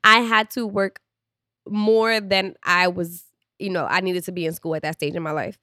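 A woman's voice: on the low side, fairly even intonation, normal speed, pushed and bright, dry recording, studio quality. Candid, chatty young woman podcaster. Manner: candid, chatty, laughs often. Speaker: podcast co-host. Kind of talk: casual chat.

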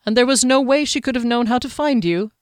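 Audiobook lord, male, stern and probing, measured delivery, smooth dry voice, read by a woman. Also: fairly high pitch, dry recording, voice pushed up, lightly acted.

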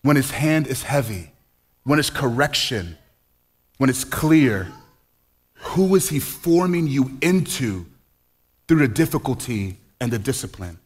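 A man's voice: medium pitch, animated, a little slow, long pauses, husky. A man in his forties preaching a sermon in a conversational way, full of rhetorical questions and playful asides. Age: 40s. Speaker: pastor.

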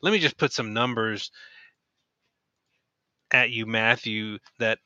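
A man with a bright, smooth voice co-hosting a sports podcast, often restarting his sentences as he hedges. The recording is dry and a bit dull. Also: lowish voice, slow, no room sound. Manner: hedging, restarts often, many fillers. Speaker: podcast co-host. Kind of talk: casual sports chat.

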